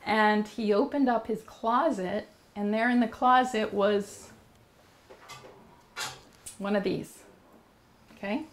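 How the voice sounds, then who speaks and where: A woman as an interview guest, telling a personal story in an earnest, rambling way with many fillers and restarts, and growing animated when she quotes herself. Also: mid-range voice, takes it slowly, pauses often.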